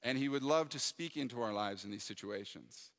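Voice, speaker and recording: A man delivers a sermon as a pastor, earnest and reflective. His voice sits at an ordinary middle pitch. A long hall reverb trails behind every phrase. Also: a little fast, fairly bright tone. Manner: earnest and reflective, acting out prayers and dialogue.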